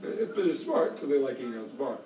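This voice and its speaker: A man's voice: medium pitch, very animated, fast, warm tone. A man talking in a rambling, disjointed way, full of filler words, while intoxicated, in a motel lobby. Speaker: motel guest. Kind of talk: rambling monologue. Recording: echoey room, distant phone, background noise.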